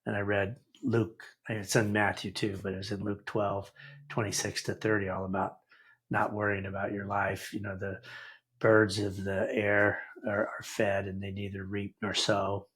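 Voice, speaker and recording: A lowish, husky male voice in his sixties, a guest on a conversational podcast. He tells anecdotes with lively energy and slips into the voices of the people he quotes. The delivery is casual and sincere. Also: normal speed. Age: 60s. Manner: animated anecdotal, acts out quoted dialogue. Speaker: guest entrepreneur. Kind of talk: conversational storytelling.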